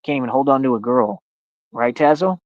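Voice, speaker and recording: A man's voice: medium pitch, lively intonation, a little fast, no echo. A man streaming a confrontational, boastful rant in which he calls out his rivals directly. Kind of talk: ranting livestream monologue. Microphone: streaming mic. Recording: dry, slightly dull lo-fi stream audio.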